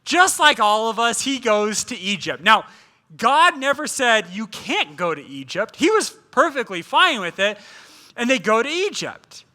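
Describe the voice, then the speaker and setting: Bright, lively male guest preacher. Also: very high voice, measured pace. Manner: humorous, conversational preaching with playful asides. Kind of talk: sermon.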